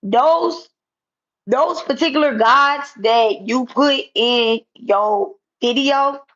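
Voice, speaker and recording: A woman speaks straight to the camera in a confrontational callout vlog. She is blunt and repetitive, with casual swearing, in a voice set a little high. The sound is dull and lo-fi. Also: very slow, a bit bright. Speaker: spiritual content creator.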